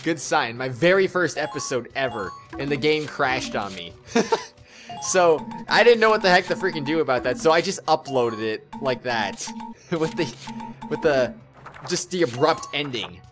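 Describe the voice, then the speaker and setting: A man's voice: on the high side, lively intonation, normal speed, music in the background. A young man giving casual post-recorded commentary over his game footage, rambling and self-mocking, laughing often and restarting his sentences. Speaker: gaming channel host.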